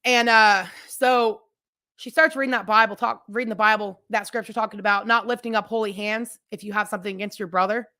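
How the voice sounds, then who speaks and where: A woman's voice: medium pitch, steady tone, a little fast, pushed and bright. A woman hosting her own podcast, telling a personal story in a candid, chatty way, talking straight to her listeners and often restarting sentences or going off on asides. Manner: rambling with frequent restarts and asides. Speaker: podcast host. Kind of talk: personal storytelling, casual chat.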